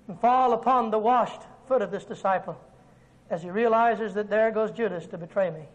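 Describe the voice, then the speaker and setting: A male evangelist preaching a dramatic, storytelling sermon in a very high voice. He swings from ringing, loud declarations down to hushed, quiet lines. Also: poor audio.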